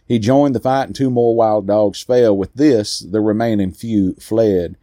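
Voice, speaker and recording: A man narrating a first-person story in a slow, deliberate way with weighty pauses. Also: on the low side, steady tone, mellow, dry recording, studio quality.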